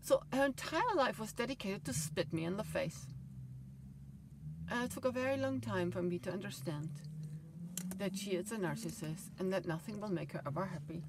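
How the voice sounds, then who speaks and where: A middle-aged woman telling a rambling personal story in a vlog, swinging between loud outbursts and quiet asides. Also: mid-range voice, moderate pace, noisy background. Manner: emotional, swings loud and soft, laughs often. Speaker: vlogger.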